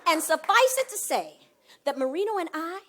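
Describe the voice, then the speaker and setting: Animated high-voiced woman telling a story on stage. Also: normal speed, a little hiss or hum. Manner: animated, comic, swings from hushed asides to loud bursts. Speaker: solo stage performer. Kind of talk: one-woman stage monologue.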